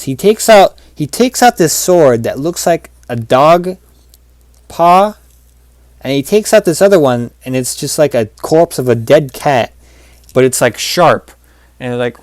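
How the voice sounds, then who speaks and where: A man's voice: mid-range voice, lively intonation, a little slow, darkish tone, dry recording. Rambling man with a dry sound. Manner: rambling, with many fillers and restarts. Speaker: channel host. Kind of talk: casual gameplay commentary.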